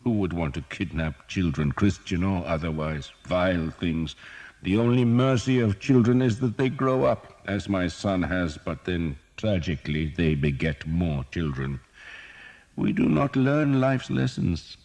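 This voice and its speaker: A man's voice: sits low, animated, darkish tone, pitched above the performer's own voice. A man doing a wry, cheerful old doctor. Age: older. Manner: wry, teasing, slow and deliberate.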